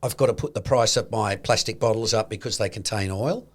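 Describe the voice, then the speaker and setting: An Australian man hosting an investing podcast in casual chat, animated, acting out quoted voices and swearing freely. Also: on the low side, fairly quick. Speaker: podcast host.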